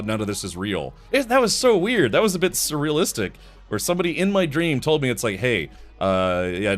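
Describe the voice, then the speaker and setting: A tired man hosts a casual live stream, his voice sitting at an ordinary middle pitch as he rambles from one story to the next. He drops in mouth sound effects as he talks, and faint music runs softly behind him.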